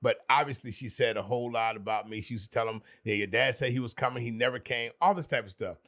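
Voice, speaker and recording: A man's voice: medium pitch, fast, fairly bright tone. A man, a podcast guest, telling an earnest personal story with emphatic repetition.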